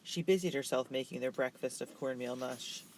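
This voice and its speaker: A man narrating a children's novel in a steady, measured way. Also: medium pitch, a little hiss or hum, rough recording. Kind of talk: reading a children's novel aloud.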